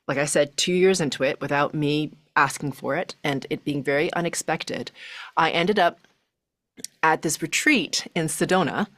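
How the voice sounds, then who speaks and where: Middle-aged woman guest, low voice, animated storyteller who acts out her inner thoughts; dry close sound. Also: moderate pace, no echo. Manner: animated, acts out her own thoughts, many filler likes. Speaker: podcast guest. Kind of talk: personal storytelling in conversation.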